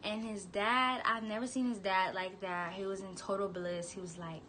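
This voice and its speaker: A woman's voice: medium pitch, steady tone, moderate pace, hardly any pauses, background noise. A young woman telling her birth story in a candid, chatty vlog, now and then cooing at her baby. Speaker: vlogger, new mother.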